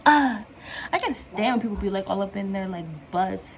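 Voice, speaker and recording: Young woman, casual vlogger, laughs and rambles, phone-recorded with noisy background. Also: medium pitch. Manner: rambling, slangy, laughs often, quick tangents. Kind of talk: casual rambling vlog chat.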